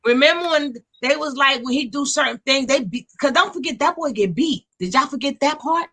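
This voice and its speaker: A woman hosting a casual gossip livestream, animated and slangy, quick to laugh. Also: high-pitched. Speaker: livestream host.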